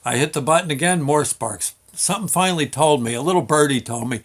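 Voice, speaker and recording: A man's voice: a little high, quick pace, few pauses. A man telling a story from his working life in a casual, rambling way, full of fillers and restarts. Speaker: show host.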